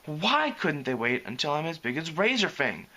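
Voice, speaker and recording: A man's voice: fairly high pitch, big pitch swings, moderate pace, sharp tone, full character voice. A man voicing a gloomy, anxious young dragon who talks moodily and sarcastically. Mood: sulky. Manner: moody and sarcastic.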